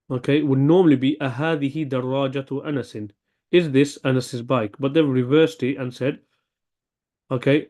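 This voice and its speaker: Man, Arabic teacher, slightly high voice, thinks aloud, frequent "okay?". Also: a little mellow. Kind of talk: online language lesson.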